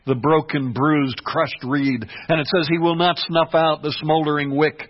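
A pastor delivering a sermon, swinging between hushed, quiet passages and emphatic, rising ones. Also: male voice, a little high, fairly even intonation, moderate pace, hardly any pauses. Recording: dull lo-fi recording.

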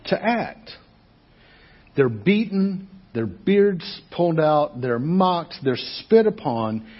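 A man preaching a sermon as pastor, talking to the congregation in a conversational, animated way and asking rhetorical questions. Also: a little high, husky, muffled recording.

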